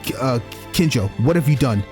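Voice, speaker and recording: A young man commentating on a story game, reacting loudly with slang and swearing. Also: medium pitch, lively intonation, a little fast, soft background music. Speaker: gaming YouTuber. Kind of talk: let's play commentary.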